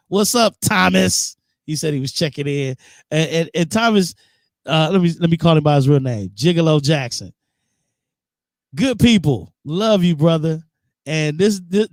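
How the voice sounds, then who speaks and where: A man's voice: a little high, dry recording, clean studio sound. Laid-back man guest-hosting a live show. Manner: laid-back, reads out viewer comments. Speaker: guest host. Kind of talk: casual live radio chat.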